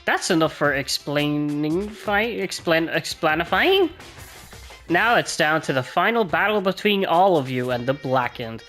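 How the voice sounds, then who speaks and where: A woman's voice: sits low, very animated, unhurried, fairly bright tone, heavily acted. A woman voicing a scheming, gleeful mascot bear headmaster over game music. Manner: gleeful, teasing explanation.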